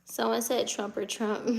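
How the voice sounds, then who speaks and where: A woman's voice: a little high, creaky, darkish tone. A woman in her twenties from the United States, chatting casually on a live stream and answering viewer comments as she reads them, laughing often. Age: 20s.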